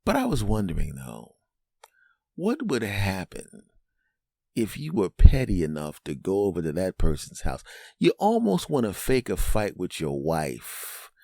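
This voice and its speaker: Man, podcast host, very low voice, dry close mic, rambling comedic monologue, keeps asking "right?". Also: huge pitch swings, measured pace, gravelly, warm tone, dry recording. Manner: conversational, jokey asides.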